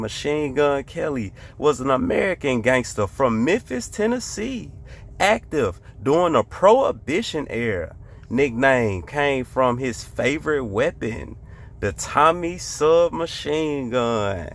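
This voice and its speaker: A man's voice: mid-range voice, expressive, measured pace, gravelly. A man hosting a casual reaction video, talking emphatically and repeating rhetorical questions and catchphrases.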